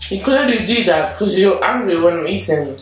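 A woman's voice: lowish voice, lively intonation, moderate pace, background noise. A young woman hosting a family vlog in casual chat, teasing and coaxing, with lots of "like". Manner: teasing, coaxing, says "like" often. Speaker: vlog host. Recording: echoey room with music.

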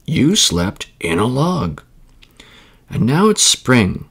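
A warm-hearted mother bear from a bedtime story, voiced by a man reading aloud, patient and kind. Her voice is soft and gravelly, and she talks slowly and gently. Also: mid-range voice, sing-song, heavily acted. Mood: gentle, motherly.

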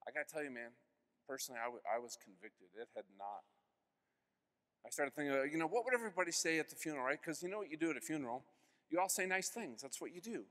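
A man's voice: on the high side, sing-song, fast, bright, forceful tone, in a large hall. A man in his forties giving an earnest personal testimony at a conference, acting out the voices of people in his story. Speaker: conference speaker. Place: conference hall.

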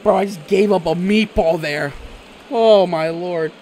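A young man giving loud, swearing play-by-play reactions to a baseball video game, swinging from groans to shouts. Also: sits high, a little slow, a little hiss or hum. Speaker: gaming YouTuber. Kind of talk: live gameplay reaction commentary.

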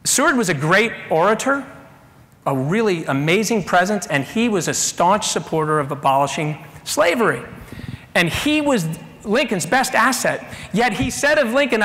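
A middle-aged man giving a storytelling keynote talk, animated and bursting into shouted voices of the people in his stories. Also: high voice, normal speed. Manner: animated, acts out shouting characters mid-story. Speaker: keynote speaker. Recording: echoey hall with long reverb.

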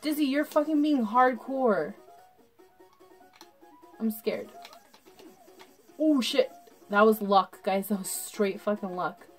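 A drunk woman commentating her gameplay casually, swearing and breaking into excitable outbursts while talking to her viewers. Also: fairly high pitch, slow pace, pauses often, breathy edge, faint music behind. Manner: talks to the viewers. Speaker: gaming channel host.

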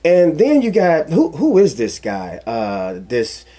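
A man giving casual commentary, telling a personal story in an animated, emphatic way that repeats phrases for emphasis. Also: on the high side, takes it slowly, breathy edge. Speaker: commentary vlogger.

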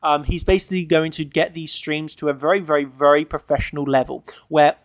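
Male trader-analyst, fairly high, gravelly voice, dry close sound; emphatic, repetitive chart walkthrough. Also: steady tone, brisk, no room sound. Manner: emphatic and repetitive, tags lines with "okay?". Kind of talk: screen-share chart analysis.

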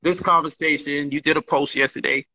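A man's voice: a little high, fairly even intonation, fairly quick, sharp tone. A man hosting a talk show, telling a story in a casual, streetwise way and acting out both sides of an argument.

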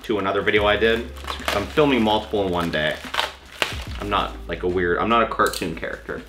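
A young man casually chatting and joking as he opens and reads fan mail aloud, with sudden high squeals. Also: a little fast, background noise. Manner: animated and jokey, with sudden high squeals and mock-gruff asides. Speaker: YouTuber opening fan mail. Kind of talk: casual vlog chat, reading letters aloud.

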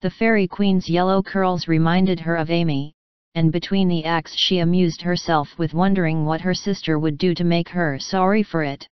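A woman reads a classic novel aloud as a bedtime audiobook, in a calm and even manner. Her voice is lowish and very smooth and clear. It is recorded dry and close, with a slightly dull, lo-fi sound. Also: normal speed, no room sound. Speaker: audiobook narrator. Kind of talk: scripted storybook narration.

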